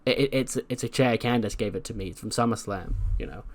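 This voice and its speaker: A man's voice: lowish voice, fast talker, close to an everyday voice. A man voicing a confused, defensive female wrestler who stammers and repeats words.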